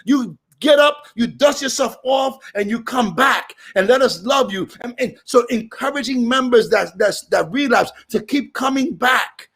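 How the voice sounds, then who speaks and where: A middle-aged man from Brooklyn with a New York accent, sharing at a recovery meeting in a casual, animated way that bursts into shouts. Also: very high-pitched, measured pace, few pauses, husky.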